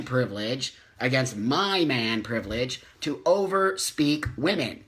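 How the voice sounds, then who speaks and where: A man's voice: mid-range voice, very animated, unhurried, a bit bright. A middle-aged man hosting a live community video chat, talking casually and reading viewer comments, passionate and emotional as he rants. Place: home, live stream.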